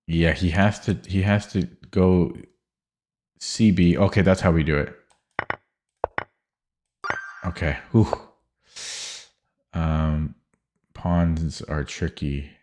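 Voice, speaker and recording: A man's voice: low-pitched, steady tone, slow, long pauses, darkish tone, slight background noise. A man streaming chess puzzles, thinking aloud in a hesitant, muttering way with many fillers and restarts.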